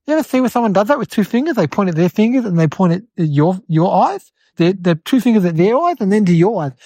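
A woman voicing an eight-year-old city boy, telling a rambling comedic story in a whiny, excitable way. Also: mid-range voice, quick pace, dry recording. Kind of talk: comedic character monologue.

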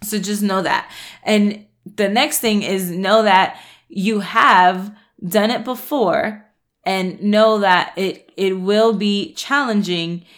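A woman's voice: medium pitch, fairly bright tone. Frank, chatty woman coach. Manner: chatty, frank, laughs and swears, many restarts. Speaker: happiness and nutrition coach. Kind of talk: casual motivational talk.

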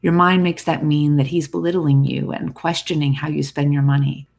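Gravelly, husky self-help podcast host. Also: medium pitch, moderate pace. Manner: calm, reflective, addresses listener directly. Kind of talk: scripted self-help monologue.

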